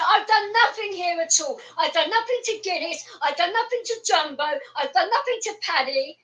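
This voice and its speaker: A woman's voice: very high voice, expressive, normal speed, hardly any pauses, fairly bright tone, poor audio. A woman, ranting angrily and swearing on a livestream. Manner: angry, heavy swearing. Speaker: livestream host. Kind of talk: livestream rant.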